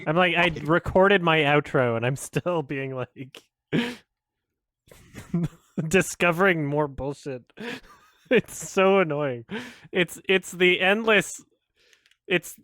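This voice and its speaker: Brief: male film critic streamer, high pitch, frustrated and swearing, laughing often, dry recording. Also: sharp tone, no room sound. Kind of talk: ranting stream commentary.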